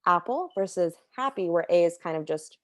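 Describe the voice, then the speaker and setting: A young woman with a low voice explains letter sounds in an easygoing, unscripted way, with plenty of fillers and self-corrections. She is recorded close to the mic in a dry space with no room sound. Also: lively intonation, fairly quick, a bit bright, dry recording. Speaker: Quran recitation teacher. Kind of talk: casual tutorial.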